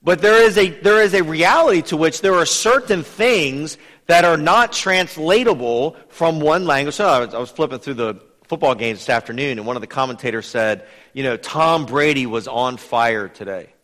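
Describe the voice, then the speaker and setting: A man teaching a Bible study in a lively, conversational way, putting questions to his listeners. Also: on the high side, normal speed, long reverb tail. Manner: lively, asks the audience questions.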